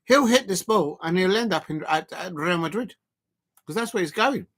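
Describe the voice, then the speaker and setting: A man hosting a live football watch-along, talking haltingly with fillers and breaking into loud emphatic outbursts at the action. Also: high-pitched, animated. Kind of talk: live match reaction commentary.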